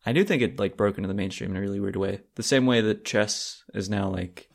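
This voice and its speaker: A man co-hosting a casual comedy podcast, teasing his friend with deadpan jokes while running a made-up role-playing game. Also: on the low side, a little fast, creaky. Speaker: podcast co-host and game master.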